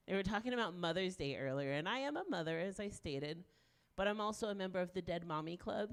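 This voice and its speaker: A woman in her late forties doing a stand-up set, frank and self-mocking, with animated punchlines. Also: lowish voice, quick pace, clear, resonant tone. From Deep South of the US. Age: 40s. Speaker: stand-up comedian.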